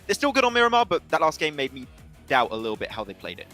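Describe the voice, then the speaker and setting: A man analysing team rotations at an esports desk, talking quickly and with energy. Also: on the high side, faint music behind. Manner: quick, lively breakdown of team play.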